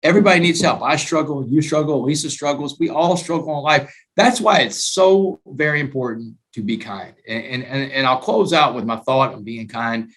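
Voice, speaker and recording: A man, a guest author telling his story in an emphatic, animated way during a talk-show interview. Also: mid-range voice, normal speed, hardly any pauses.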